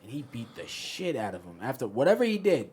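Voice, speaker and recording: Man, from the American South, podcast host, lively swooping voice, casual joking chat. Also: mid-range voice, fairly quick, husky. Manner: animated, acts out characters in bits.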